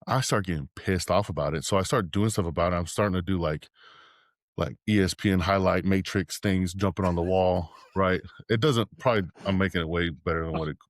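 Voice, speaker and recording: A man's voice: low voice, fairly quick, no echo, clean studio sound. A man, a podcast guest from Texas, telling stories in casual, rambling chat and swearing freely.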